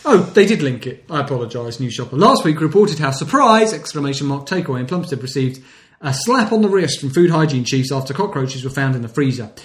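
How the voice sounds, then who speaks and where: A man's voice: medium pitch, animated, brisk. A man from co-hosting a podcast, reading out local news stories with frequent laughter in a casual comic chat. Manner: reads news stories aloud, laughing often. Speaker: podcast co-host. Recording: roomy echo.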